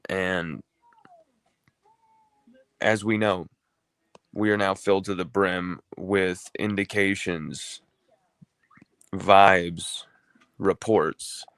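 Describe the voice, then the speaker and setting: A man's voice: low voice, steady tone, drawn-out words, long pauses, fairly bright tone, smooth, no room sound. A man hosting a casual sports talk livestream, rambling and conversational, often correcting himself mid-sentence. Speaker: sports talk show host.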